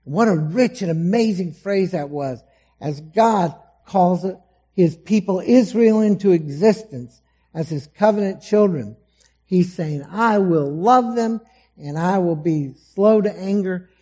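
A man preaching a sermon to a congregation, dramatic, acting out the voices he quotes and swinging between loud emphasis and soft, low asides. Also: unhurried, husky. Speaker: pastor. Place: church hall before a congregation.

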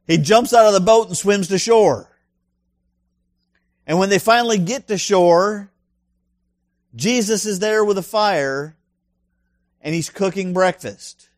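A man's voice: high voice, no room sound, clean studio sound. A male pastor preaching a sermon in an emphatic way, full of rhetorical questions and punchy asides.

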